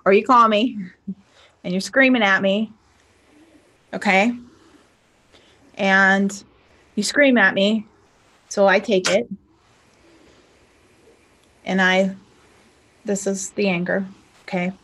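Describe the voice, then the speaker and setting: A woman spiritual teacher and life coach, teaching casually to a camera in a chatty, animated way, often checking in with "okay?" and acting out both sides of an argument. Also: medium pitch, slow, pauses often, a little hiss or hum.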